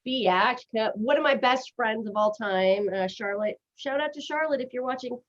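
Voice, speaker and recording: A woman hosting a casual live stream, talking fast and chatty and giggling at herself. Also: a little high. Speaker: host. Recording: dull lo-fi stream audio.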